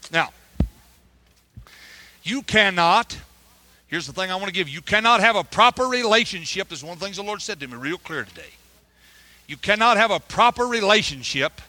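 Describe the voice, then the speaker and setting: A middle-aged man preaching a sermon with personal testimony, telling his story with animated energy, stammered restarts and frequent hallelujahs. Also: high-pitched, dry recording. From United States. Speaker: preacher, missionary.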